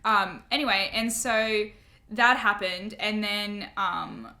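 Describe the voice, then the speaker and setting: A woman's voice: mid-range voice, steady tone, slow, sharp tone. A young woman, hosting a casual chat and telling school stories with lots of fillers and swearing. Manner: swearing, laughing, many fillers like "like". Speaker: podcast host.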